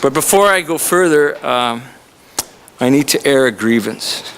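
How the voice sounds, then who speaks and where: Amid crowd and background noise, a Canadian college instructor gives a humorous introduction for a visiting author in a lecture room. He speaks a little slowly, with a medium-pitched, expressive voice and a chatty, joking manner.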